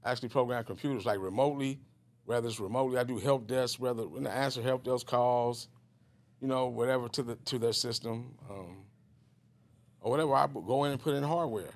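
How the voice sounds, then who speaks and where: Middle-aged man, gravelly voice, rambling with fillers and restarts, guest in a casual interview. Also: mid-range voice, brisk. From Richmond, California.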